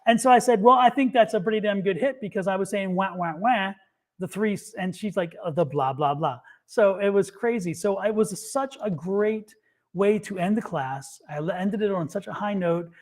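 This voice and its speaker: A man in casual chat, telling an animated story and acting out what people said. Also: sits high, normal speed. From United States. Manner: animated storyteller, acts out quotes. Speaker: psychic reader and co-host.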